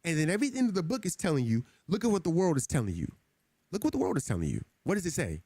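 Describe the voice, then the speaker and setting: A man's voice: a little high, wildly swooping pitch, very fast, warm tone, breathy edge, no echo. A man streaming a game who talks casually to his chat in an earnest, preachy way, often repeating himself. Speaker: gaming streamer. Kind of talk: casual livestream talk to chat.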